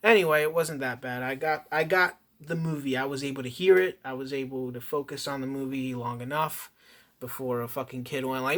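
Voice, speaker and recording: A man's voice: mid-range voice, fairly quick, a bit bright. A man casually reviewing a movie in a rambling, profane rant full of swearing and restarts. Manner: profane, ranting, heavy swearing.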